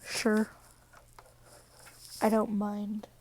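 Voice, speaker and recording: Deku, a gentle boy hero, voiced by a woman. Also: mid-range voice, monotone, drawn-out words, a little hiss or hum. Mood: easygoing. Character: kind teenage boy hero, gentle and protective.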